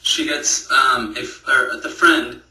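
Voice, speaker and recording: A man giving a moral story as a religious speaker, halting and repeating words and checking in with "right?". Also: medium pitch, steady tone, bright, forceful tone. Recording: echoey room, speaker far from the mic.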